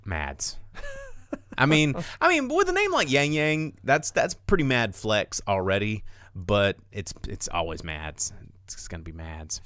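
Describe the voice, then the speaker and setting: A man in casual chat on a live talk stream. His voice swings widely in pitch as he tells stories and acts out quotes from other people. The sound is dry and close. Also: slow pace, dry recording. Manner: animated storytelling, acts out quotes with big pitch jumps. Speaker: podcast co-host.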